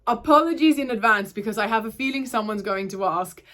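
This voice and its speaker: Speaking fairly quickly in a fairly high, slightly bright voice, this young woman rambles through a casual home vlog to camera. Her Australian accent slides towards Irish, and she keeps losing her train of thought while chatting indoors.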